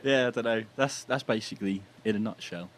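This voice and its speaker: A young British man talking as a guest musician in a casual podcast chat, easygoing and quick to laugh. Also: lowish voice, dry recording. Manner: chatty, laughs easily.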